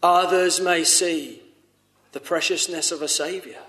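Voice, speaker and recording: A man's voice: a little high, fairly even intonation, a little slow, bright, forceful tone, reverberant. A man preaching a sermon, earnest and pleading, rising to urgent appeals. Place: church.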